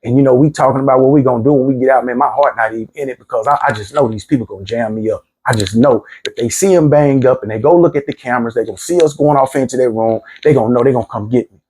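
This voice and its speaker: A man's voice: medium pitch, rapid-fire, few pauses, a little mellow, a little hiss or hum. A middle-aged man candidly recounting his own past in a plainspoken, street-casual way, often repeating himself. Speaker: former prisoner telling his story. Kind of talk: candid storytelling monologue.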